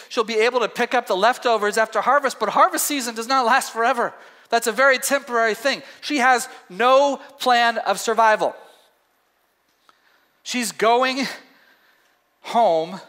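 A man preaches in a lively, conversational way, pressing his points with emphasis. His voice is very high and bright, and it carries a long echo from a large hall. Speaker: Bible teacher. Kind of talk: sermon. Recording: echoey hall.

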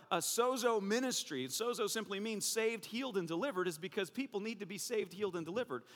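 A man's voice: sits high, a bit bright, long reverb tail. A man preaching a sermon as a pastor, playful and jokey with the congregation.

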